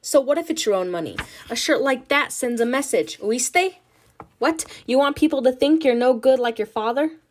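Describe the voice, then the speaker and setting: A woman's voice: sits high, moderate pace, a little hiss or hum, pitched above the performer's own voice, lightly acted. A woman voicing a stern, tired middle-aged mother who scolds her daughter sharply and reproachfully. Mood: scolding.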